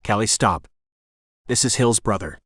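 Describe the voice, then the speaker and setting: A man's voice: fairly low pitch, a little slow, a bit bright, no room sound, clean studio sound. A man voicing a blunt young woman who keeps the peace in a bossy, exasperated, no-nonsense way, read from an audiobook.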